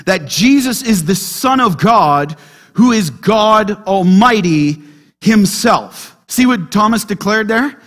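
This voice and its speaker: A man preaching a sermon as pastor, emphatic, dropping quiet then crying out loud. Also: high-pitched, animated, slow pace.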